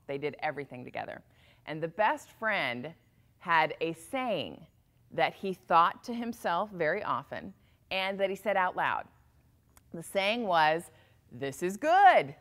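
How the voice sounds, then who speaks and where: A woman telling a motivational story in an animated way, shifting her pace and volume for effect. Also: low voice.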